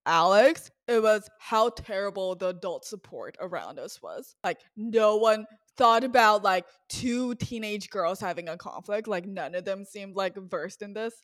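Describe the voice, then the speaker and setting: A woman's voice: medium pitch, dry recording, clean studio sound. A young woman co-hosting a casual podcast, blunt and profane, her talk full of fillers. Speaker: podcast co-host.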